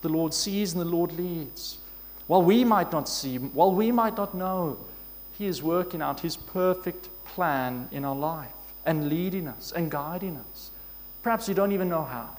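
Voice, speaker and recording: A man preaching a sermon in an earnest, measured way, asking his listeners questions. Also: fairly high pitch, expressive. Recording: long hall reverb.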